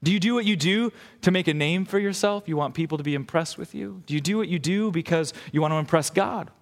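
A man's voice: a little high, quick pace. A man preaching a sermon as pastor, emphatic and firing rhetorical questions at the listeners. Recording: long hall reverb.

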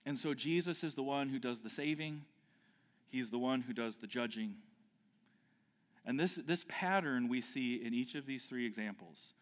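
A man's voice: mid-range voice, moderate pace. A man preaching an expository sermon, emphatic, with rhetorical questions and frequent restarts. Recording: long hall reverb.

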